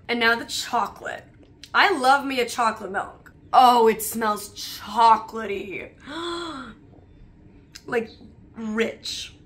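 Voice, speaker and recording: A woman's voice: on the high side, sharp tone. A young adult woman vlogger chatting casually while taste-testing snacks, talking in a loose, rambling way full of "like". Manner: chatty, leans on "like" as filler.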